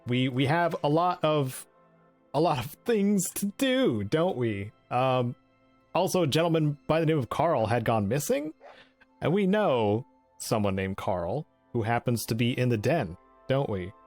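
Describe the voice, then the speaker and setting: A man's voice: mid-range voice, very animated, measured pace, darkish tone, dry recording, faint music behind. A man narrating his game playthrough in a chatty, giggly way, restarting phrases as he goes. His voice sits mid-range and the sound is dry and close. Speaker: let's play host. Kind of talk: casual game commentary.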